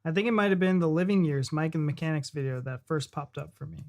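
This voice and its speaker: A man's voice: on the high side, quick pace, vocal fry, a little mellow. A man co-hosting a live stream, talking loosely and casually with the audience. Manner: loose and chatty, with fillers and restarts. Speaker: co-host of a reaction channel.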